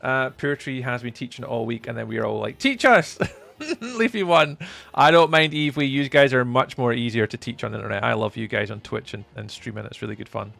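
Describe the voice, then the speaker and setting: A young man chatting casually with viewers while live streaming, playful and often trailing off into a softer voice. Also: mid-range voice, steady tone, fast talker, vocal fry, few pauses.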